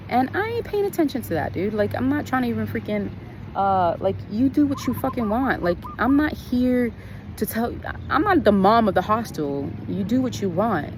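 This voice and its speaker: A woman's voice: mid-range voice, background noise. A woman telling a story on her vlog in a casual, blunt, profane way, venting about her trip. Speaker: vlogger.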